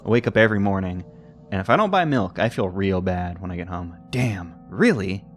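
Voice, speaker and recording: A young man reading a text game aloud with playful commentary, jumping between squeaky high and low reading voices. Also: expressive, a little fast, soft background music.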